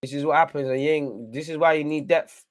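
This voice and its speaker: Pitched slightly high and speaking briskly, this young fan narrates a football game live with real excitement. He pushes the players on while bouncing from annoyance to hype.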